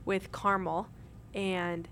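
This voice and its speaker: A woman's voice: lowish voice, little pitch movement, slow, a bit bright, a little hiss or hum. A woman in her twenties co-hosting a radio show, playful and teasing in casual chat.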